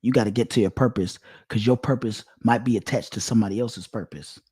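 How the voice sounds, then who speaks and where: A man's voice: lowish voice, quick pace, darkish tone, breathy edge. Preachy, emphatic man. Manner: emphatic, repetitive, sermon-like cadence. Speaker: online commentator. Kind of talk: preachy direct-to-camera monologue.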